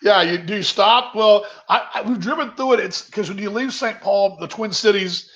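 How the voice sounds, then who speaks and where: On a casual video call from his home kitchen, a man hosts a virtual happy hour, chatting, rambling, and reading out what viewers comment. His voice is high-pitched and fairly bright, his pace moderate, and the recording has a dull lo-fi quality.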